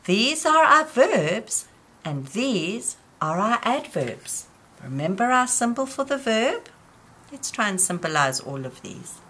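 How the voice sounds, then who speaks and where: A woman teaching young children in a gentle, patient way, often asking them questions. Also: on the high side, sing-song, slow pace. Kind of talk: slow children's lesson.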